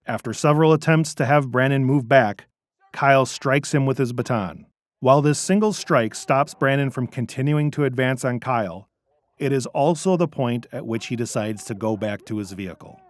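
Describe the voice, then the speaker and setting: A man narrates a training video in a measured, instructive voice of medium pitch. The recording is close and dry, with no room sound. He lays out each point steadily. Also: no room sound.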